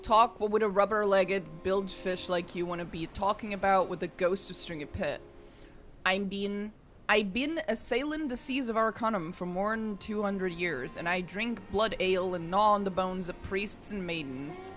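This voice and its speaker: A woman's voice: mid-range voice, moderate pace, a bit bright, faint music behind, lightly acted. A woman voicing a menacing old male ghost pirate in a game, in a theatrical put-on pirate voice that drifts toward a drawl.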